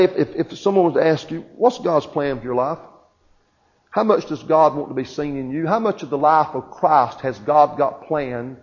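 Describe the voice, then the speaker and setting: Male preacher, high voice, fervent delivery, long hall reverb, muffled lo-fi sound. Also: a little mellow. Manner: fervent, rising and falling emphasis, questions to the congregation. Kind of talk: sermon.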